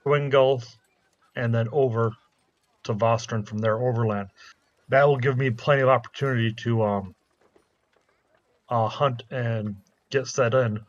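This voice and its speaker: A man's voice: medium pitch, fairly even intonation, a little slow, long pauses, no room sound, dull audio. A man playing a tabletop game, talking casually and stumbling over place names. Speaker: player.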